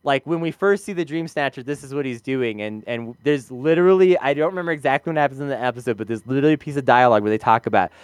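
A man's voice: medium pitch, very fast, few pauses, clean tone, dry recording. A man co-hosting a casual review podcast, rambling, laughing often and swearing casually into a close mic. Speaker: podcast co-host.

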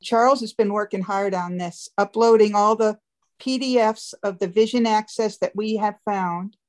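A woman's voice: mid-range voice, steady tone, normal speed, darkish tone. A woman, a webmaster, chatting on a conference call as she walks through a website step by step, laughing now and then. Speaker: webmaster giving a site tour.

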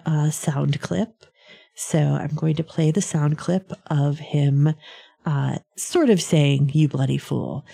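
Woman host, casual chat: slow, husky delivery, rambling and chatty. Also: sits low, warm tone. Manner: chatty, meandering, with frequent ums and little laughs.

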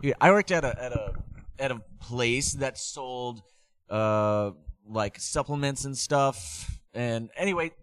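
A man joking around in casual, profane banter, throwing in quick riffs. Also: medium pitch, fairly bright tone, clear, resonant tone.

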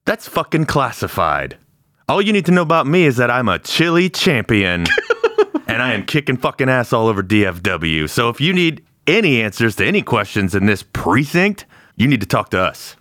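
A man's voice: medium pitch, moderate pace, dry recording, studio quality. A man playing a tabletop role-playing game, talking in character with swearing, brash bravado. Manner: lively, swears, pushy ex-FBI bravado in character. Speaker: player.

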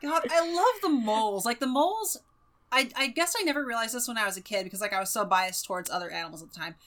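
A woman from the US West Coast chats about a fantasy series with eager enthusiasm. Her voice sits fairly high, with a bright, forward edge. She laughs easily and jumps in to agree with her co-host. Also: lively intonation. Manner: enthusiastic, laughs often, quick agreeing interjections. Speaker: podcast co-host. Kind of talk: casual book-club chat.

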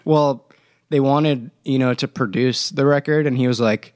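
This man hosts a casual band podcast as one of the band members, rambling through music history and laughing often. He speaks unhurriedly in a slightly mellow mid-range voice with fairly even intonation, captured in studio quality without echo.

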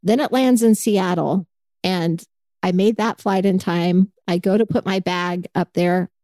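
A woman's voice: lowish voice, a little slow, no echo. A woman chatting casually as a co-host, telling stories animatedly and acting out the people in them. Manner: animated storyteller, acts out quoted people. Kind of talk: casual chat.

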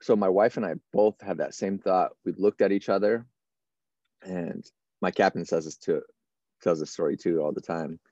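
In a lo-fi recording with no room sound, a man in his thirties who works as a firefighter speaks at a moderate pace in a low, warm voice with fairly even intonation. He's an interview guest casually retelling a long personal story full of acted-out conversations.

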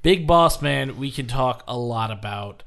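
A man's voice: medium pitch, measured pace, creaky. Man retelling a wrestling story. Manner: animated retelling with laughs and acted quotes. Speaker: podcast co-host. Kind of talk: casual chat, storytelling.

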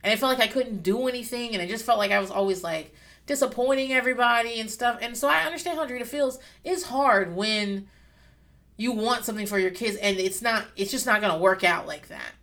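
A woman's voice: on the high side, a little fast, fairly bright tone. Candid, profane woman recapping TV. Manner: swears freely, rambling and candid, with bursts of laughter. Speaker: podcast host recapping a reality show. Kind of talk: casual chat.

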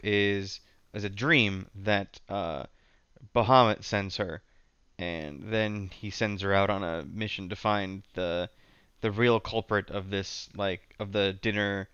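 A man's voice: fairly low pitch, fairly bright tone, clean tone, dry recording, muffled recording. A man chatting casually as a guest about his tabletop character, rambling with many restarts and fillers. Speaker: podcast guest, tabletop player. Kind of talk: casual chat.

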